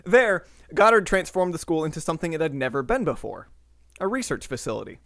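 A man's voice: on the high side, big pitch swings, a little fast, fairly bright tone, dry recording, clean studio sound. A man co-hosting a podcast, reading scripted history notes with joking asides and the odd slip of the tongue. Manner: reads notes with joking asides and occasional slips. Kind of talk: scripted history narration mixed with casual chat.

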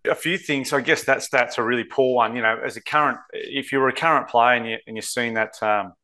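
A man's voice: medium pitch, a little fast, sharp tone. An Australian man co-hosting a sports betting podcast, talking casually and rambling, saying mate a lot. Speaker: co-host.

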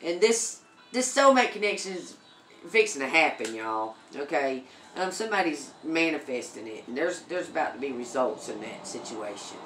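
Lady doing a tarot reading, lowish voice, lots of ums and okays, echoey room. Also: sing-song, moderate pace, fairly bright tone, slight background noise. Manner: chatty, repeats okay, many ums. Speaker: tarot reader.

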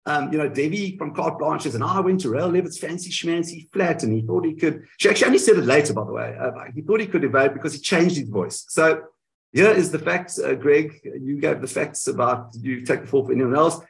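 A man in a candid interview, telling his side of events in an animated way and often correcting himself mid-sentence, heard over a video call. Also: a little high, fairly quick, gravelly, poor audio. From South Africa. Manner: animated storytelling, frequent self-corrections. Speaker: guest.

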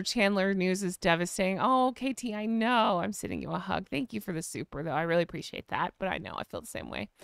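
A woman's voice: mid-range voice, fairly bright tone, no room sound, studio quality. An American woman hosting a live chat, chatting casually, reading viewer comments and sighing with vocal eye rolls. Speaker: live stream host.

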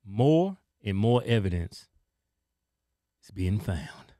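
Excitable co-host, middle-aged male, lively swooping delivery, dry booth sound. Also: on the low side, slow pace, dry recording. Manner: animated, excitable. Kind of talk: casual political commentary.

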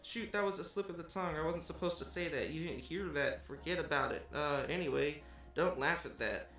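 A man's voice: on the high side, fairly quick, fairly bright tone, roomy sound, far from the mic, faint music behind, pitched above the performer's own voice. A man voicing a cocky young male pirate as he reads a manga scene aloud. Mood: sheepish.

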